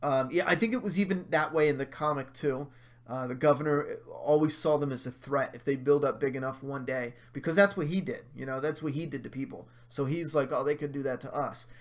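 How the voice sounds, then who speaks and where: A man's voice: medium pitch, fairly quick. A man hosting a casual livestream, ranting with heavy swearing and mocking asides while he answers viewer chat. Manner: profane, heated rants with mocking asides.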